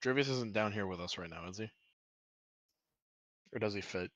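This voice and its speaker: Low-voiced easygoing man at a game table. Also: moderate pace, a bit bright. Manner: easygoing, a little weary. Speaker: player. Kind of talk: casual chat during a tabletop game.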